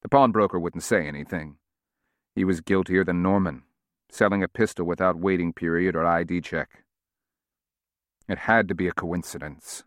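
Deep-voiced male audiobook narrator. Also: no room sound, clean studio sound.

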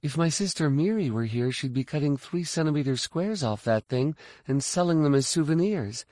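A man voicing a quick, chatty young woman starfighter pilot in an audiobook, softer and higher than his narration. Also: animated, dry recording, clean studio sound, natural voice. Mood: chatty, quiet. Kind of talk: audiobook character voice.

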